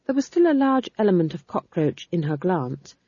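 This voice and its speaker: A woman narrating an audiobook with measured, expressive storytelling, in a dull lo-fi recording. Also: on the low side, dry recording. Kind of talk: scripted narration.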